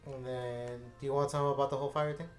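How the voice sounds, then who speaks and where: A man's voice: medium pitch, little pitch movement, very fast, soft background music. A man casually telling a story to his channel's viewers, rambling, with lots of fillers and restarts. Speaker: gaming channel host. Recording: echoey room.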